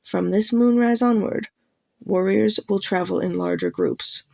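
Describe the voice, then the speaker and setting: Playing a grave she-cat clan leader in an audiobook, a woman speaks to her clan with steady, formal command. Her medium-pitched voice carries vocal fry, the pace is measured, and there is no echo.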